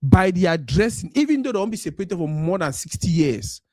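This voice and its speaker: Hosting a live stream, a Cameroonian man with a Pidgin English accent chats in a loose monologue, mixing Pidgin with English and dramatizing quoted voices. He sounds high-pitched, very animated, brisk and mellow. The audio is studio quality with no echo.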